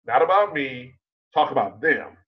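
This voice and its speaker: A man coaching on public speaking in an online conference talk, emphatic and full of rhetorical questions, slowing down to stress key points. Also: mid-range voice, sing-song, narrow, tinny audio.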